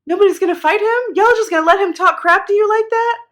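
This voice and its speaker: A cocky young shepherd boy, as a woman storyteller puts him on, talks in slang and swagger, all defiance. His voice sits well above her usual talk, high and bright with youthful nerve, like a kid sure he can take anyone. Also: animated, a little slow. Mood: defiant.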